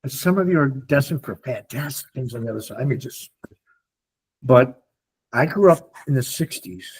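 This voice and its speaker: An older man speaking to a support group, telling stories in an animated way and acting out the voices of the people in them. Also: mid-range voice, normal speed, slightly rough. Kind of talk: storytelling talk to a group.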